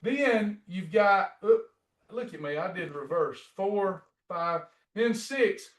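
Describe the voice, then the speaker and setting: A man's voice: high voice, expressive, slow. A middle-aged man teaching a faith-based weight-loss lesson, preachy and repetitive as he encourages his class. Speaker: weight-loss program coach.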